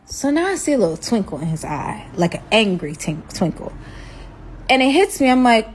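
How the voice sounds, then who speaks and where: A woman's voice: medium pitch, fairly quick. Woman storyteller, mid-range voice, dramatic and chatty, faint noise behind. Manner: animated, dramatic retelling with rhetorical asides. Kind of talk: casual storytime.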